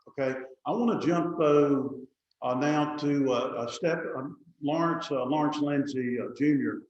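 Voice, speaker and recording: Halting man hosting over a roomy call. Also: medium pitch, highs cut off, a little hiss or hum. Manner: halting, many "uh" fillers. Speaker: meeting host. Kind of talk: casual meeting hosting.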